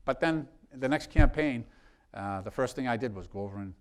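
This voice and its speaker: A man's voice: medium pitch, a little fast. Man spinning a rambling yarn. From South Boston. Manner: rambling anecdotes with many restarts. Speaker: congressman. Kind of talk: storytelling in a live interview.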